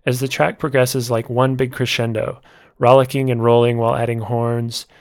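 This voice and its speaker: A man narrating a scripted music album review in a measured, descriptive way. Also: mid-range voice, flat delivery.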